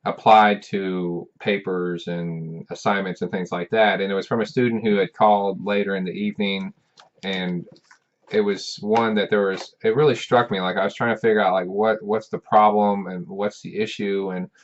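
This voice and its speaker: A man with a very low voice talks straight to his students in a loose, rambling way, often restarting and repeating words. The recording is dull and lo-fi. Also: steady tone, moderate pace. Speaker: professor. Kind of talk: casual talking-head advice.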